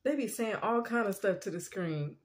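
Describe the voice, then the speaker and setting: A woman giving a casual spiritual tarot reading, chatty and quick to laugh, often asking "you know what I'm saying". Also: mid-range voice, expressive. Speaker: tarot reader.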